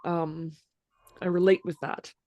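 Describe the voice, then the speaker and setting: A woman's voice: lowish voice, level tone, a little slow, mellow, no room sound, lo-fi sound. Easygoing woman player, very dry sound. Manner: easygoing, brief replies. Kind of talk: casual tabletop play.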